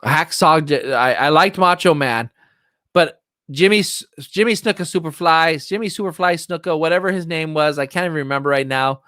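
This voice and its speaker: A middle-aged man hosting a casual livestream chat, excitable and rambling as he reminisces. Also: on the high side, normal speed, no room sound, studio quality. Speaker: livestream host. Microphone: streaming setup, close mic.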